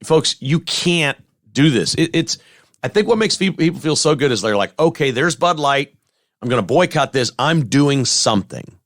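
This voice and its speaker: A man's voice: medium pitch, a bit bright, no echo, clean studio sound. A man hosting a talk show, delivering a blunt, conversational monologue and repeating his points for emphasis. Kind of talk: opinionated talk radio monologue.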